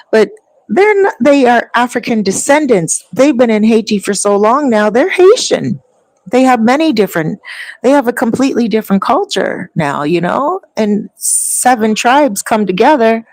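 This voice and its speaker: A woman's voice: medium pitch, no echo, poor audio. A woman talking casually to her viewers, rambling and long-winded as she tells stories. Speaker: vlogger. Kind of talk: casual chat.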